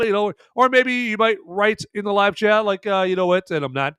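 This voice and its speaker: A man with a fairly high, smooth and clear voice hosts a live podcast in casual commentary. He rambles, with lots of fillers and restarts. The sound is dry and close, with no room around it. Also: fairly quick, hardly any pauses, fairly bright tone, dry recording. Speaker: podcast host presenting a vampire movie list.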